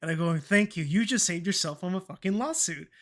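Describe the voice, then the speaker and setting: Young adult streamer, mid-pitched voice, loose chatty storyteller who swears and laughs along, acts out every quoted line. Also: expressive, fairly quick, a bit bright. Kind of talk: casual storytelling chat.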